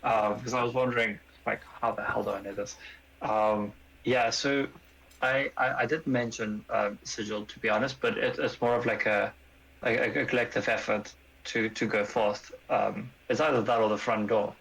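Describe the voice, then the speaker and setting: A man's voice: fairly low pitch, fairly even intonation, moderate pace, creaky, a bit bright, slightly rough, poor audio. A man playing a tabletop game, speaking hesitantly as he works through his options. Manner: hesitant, many fillers and restarts. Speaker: player. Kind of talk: casual game chat.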